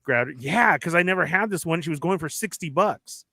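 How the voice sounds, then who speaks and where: A man hosting a casual chat about toy figures, telling animated stories and acting out what others said. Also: on the high side, a little fast, creaky. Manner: animated storyteller, acts out quoted exchanges. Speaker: podcast host.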